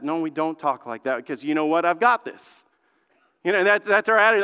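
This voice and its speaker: A male lead pastor preaching a sermon, fervent, dropping to a hushed plea and then rising loud, and often repeating words as he builds a point. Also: a little high, a little fast, clean tone. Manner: fervent, swings from hushed pleading to loud outbursts. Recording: long hall reverb.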